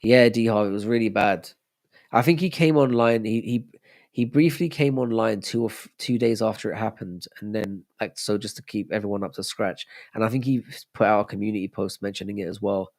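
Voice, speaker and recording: A man's voice: on the low side, fairly quick, a little mellow. A young man hosting a casual live stream, chatting loosely and answering viewers' messages as he reads them out. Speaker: livestream host.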